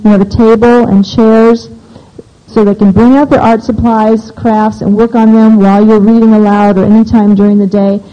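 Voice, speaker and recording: A woman's voice: on the high side, flat delivery, moderate pace, warm tone. A woman speaking to a live audience at a homeschooling seminar, opinionated and practical, often asking the listeners questions. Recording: dull lo-fi recording.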